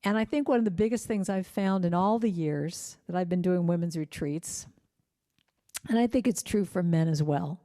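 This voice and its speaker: A middle-aged woman giving a gentle, heartfelt inspirational talk in a church, telling personal stories. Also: lowish voice. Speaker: singer-songwriter speaker.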